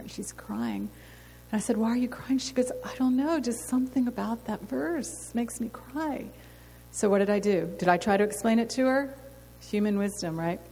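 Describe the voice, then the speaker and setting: Woman preaching with gravelly edge in a hall. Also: medium pitch, a little mellow. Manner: earnest, storytelling, rhetorical questions. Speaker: women's ministry speaker. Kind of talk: sermon testimony. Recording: long hall reverb, faint noise.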